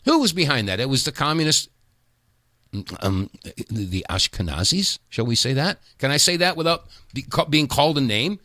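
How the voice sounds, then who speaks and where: A man's voice: medium pitch, animated, moderate pace, sharp tone, no echo, clean studio sound. A man hosting a talk radio show, talking in a folksy, emphatic way and calling his listeners folks.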